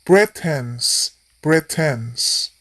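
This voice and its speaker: Slow, measured man reading word lists. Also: fairly high pitch, lively intonation, fairly bright tone, dry recording, studio quality. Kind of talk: slow scripted lesson narration.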